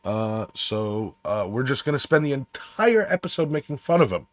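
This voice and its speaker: A man's voice: medium pitch, very animated, normal speed, dry recording. A man hosting a casual livestream chat, talking loosely with many fillers and laughs. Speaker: podcast host.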